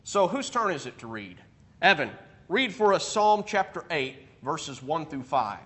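A man teaching a Bible class, animated, acting out quoted speech and thinking aloud with restarts while checking his notes. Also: a little high, measured pace. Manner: animated, acts out quoted speech with rising emphasis.

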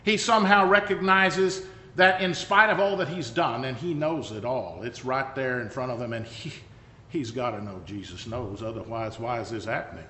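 A man with a mid-range voice preaches a sermon at a moderate pace, his tone pushed and bright. He tells the story conversationally and emphatically, adding wry asides. The recording carries echoey hall reverb and a little hiss or hum.

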